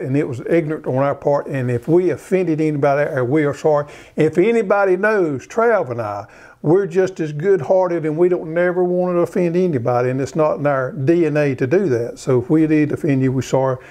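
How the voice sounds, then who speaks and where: A man with a Southern US accent, talking in a teasing yet earnest, homespun manner as co-host. His voice sits a bit high but sounds warm and mellow. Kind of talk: casual chat.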